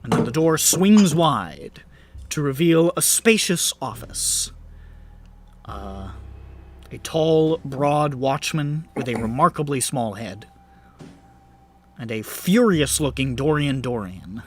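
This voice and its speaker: A man's voice: mid-range voice, lively intonation, slow, pauses often, slight background noise. A man narrating a tabletop game as game master, vivid and descriptive with laughing asides.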